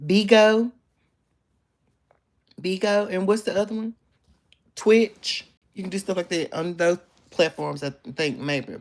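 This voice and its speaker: A woman's voice: medium pitch, steady tone, takes it slowly, pauses often. A young woman, chatting playfully with viewers on a casual live stream from her bed. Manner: playful, sassy, teasing. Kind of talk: casual chat reading viewer comments. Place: bedroom, in bed.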